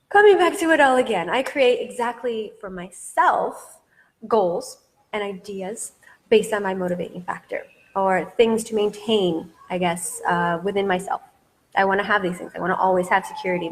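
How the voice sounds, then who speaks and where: A woman's voice: medium pitch, normal speed. A woman business coach giving a masterclass, talking with eager, repetitive emphasis. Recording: long hall reverb.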